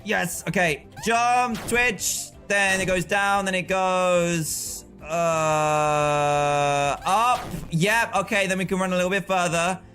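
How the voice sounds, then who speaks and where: A man streaming live gameplay with excitable, frustrated commentary, often yelling at the game. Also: sits high, slow, music in the background.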